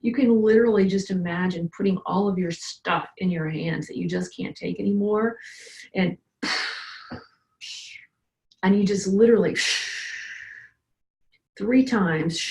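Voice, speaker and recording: A woman practitioner leads listeners through simple relaxation exercises in a calm, guiding tone. Her voice is mid-pitched, and the room gives it a roomy echo. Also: measured pace, pauses often. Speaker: energy medicine practitioner. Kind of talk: instructional talk.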